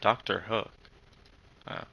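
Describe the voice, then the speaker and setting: Rambling young man, bright tense voice. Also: poor audio. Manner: halting, swears a lot, many fillers. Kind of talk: casual rambling storytelling.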